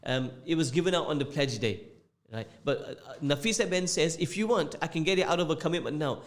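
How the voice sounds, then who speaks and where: A man's voice: fairly high pitch, fast talker. A man hosting a radio show with a mixed northern English and London accent, chatting casually, joking and repeating phrases as he reads out listener messages. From England. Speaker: radio host. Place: radio studio.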